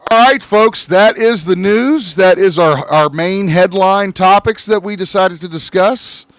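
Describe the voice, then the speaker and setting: A man's voice: high voice, measured pace, fairly bright tone, dry recording. Man hosting a chatty podcast. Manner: rambling, wraps up news segments. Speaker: podcast host. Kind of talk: casual podcast chat.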